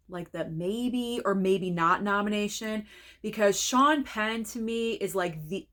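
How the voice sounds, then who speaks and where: Woman, casual film-review vlogger, mid pitch, excitable and frank. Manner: excitable, gasping and gushing; chatty, frank opinions. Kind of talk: casual reaction video.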